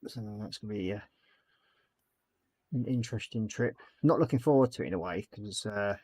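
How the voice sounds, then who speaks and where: A man's voice: fairly low pitch, moderate pace, darkish tone, slightly rough, no room sound. A man hosting a casual chat stream, talking while he paints a model and laughing often. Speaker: streamer host.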